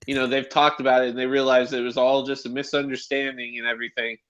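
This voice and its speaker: A man's voice: medium pitch, flat delivery, fast, fairly bright tone. A man co-hosting a casual movie review show, laughing often and swearing freely as he recounts scenes. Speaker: podcast co-host. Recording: dull lo-fi sound.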